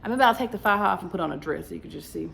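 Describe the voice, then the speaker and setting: Woman vlogger, casual and lively storyteller, mid-pitch voice, light background noise. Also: racing, vocal fry. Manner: chatty, animated, talks straight to viewers. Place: home, indoors.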